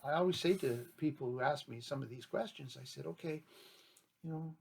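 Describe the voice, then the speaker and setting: A man with a gravelly, husky voice gives an unscripted talk as a chief. He rambles and argues his point, throwing out rhetorical questions. His voice sits at an ordinary middle pitch. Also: a little fast, a little mellow. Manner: rambling, argumentative, poses rhetorical questions, acts out imagined dialogues. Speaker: grand chief giving a talk. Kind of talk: unscripted spoken commentary.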